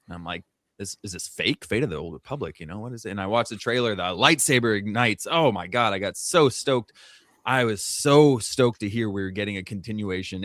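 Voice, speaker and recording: A man co-hosting a podcast, chatting casually in an animated, rambling way with many restarts over a remote call mic. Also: on the low side, no echo. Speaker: podcast co-host. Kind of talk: casual chat.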